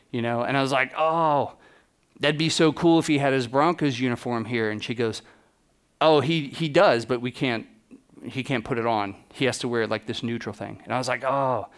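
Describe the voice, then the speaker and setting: A man giving a keynote talk as a photographer, telling lively anecdotes and acting out the exchanges he quotes. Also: medium pitch, clean tone. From United States. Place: conference stage.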